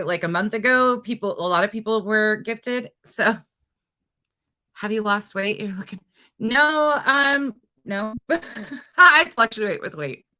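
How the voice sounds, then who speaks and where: A woman hosting a true crime livestream, chatting casually and reading viewer comments aloud in an energetic, expressive way. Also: on the low side.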